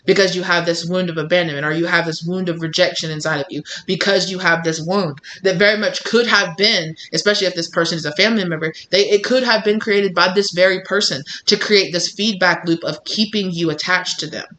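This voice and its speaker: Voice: medium pitch, fairly even intonation, brisk, few pauses, pushed and bright, a little hiss or hum. A tarot reader talking straight to viewers, blunt and emphatic, repeating phrases and acting out what other people say. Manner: swears casually. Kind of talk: tarot reading, direct address to viewers.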